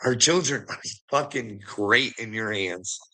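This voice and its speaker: Male commentator, bright tone, mocking and profane, frequent laughter. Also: lowish voice, unhurried. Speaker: online commentator. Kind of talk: casual rant.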